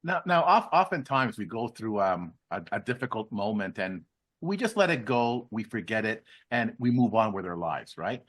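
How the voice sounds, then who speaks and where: A man's voice: fairly low pitch, big pitch swings, moderate pace, fairly bright tone. A man co-hosting a podcast, asking earnest, rambling questions over a video call. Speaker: podcast co-host. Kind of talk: interview questions.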